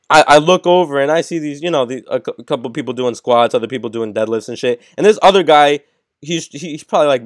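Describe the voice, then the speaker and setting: A man's voice: mid-range voice, no room sound, clean studio sound. A young man in casual live-stream podcast chat on a headset, telling stories in a rambling, swearing way, full of "like" and "bro". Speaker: podcast co-host. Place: home setup, live stream.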